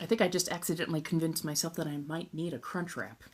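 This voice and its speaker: This is a woman from Southern California with a fairly low voice, chatting loosely on a phone live stream. Her ASMR talk is relaxed and easygoing, and she drops into breathy whispers between her normal lines. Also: fast talker, hardly any pauses. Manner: chatty and relaxed, drifts into soft whispered asides, casual swearing.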